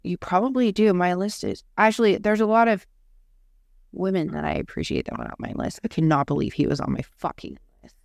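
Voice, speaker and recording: A woman's voice: on the low side, sing-song, a little fast, gravelly, a little mellow, dry recording, clean studio sound. A young woman co-hosting a podcast, chatty and swearing casually while reading lists aloud. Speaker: podcast co-host. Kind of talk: casual chat.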